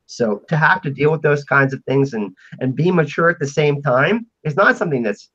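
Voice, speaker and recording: An excitable man hosting a chatty panel stream, his voice sitting a little high and sounding muffled and lo-fi. He rambles through announcements with frequent restarts. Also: moderate pace. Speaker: podcast host. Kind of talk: casual panel chat.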